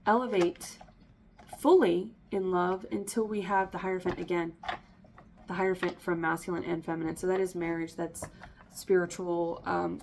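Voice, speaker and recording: A woman's voice: fairly low pitch, darkish tone, a little hiss or hum. Rambling woman giving a tarot reading. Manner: rambling, with frequent ums and likes; self-interrupting, slips and restarts. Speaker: tarot reader. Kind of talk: casual spoken tarot reading.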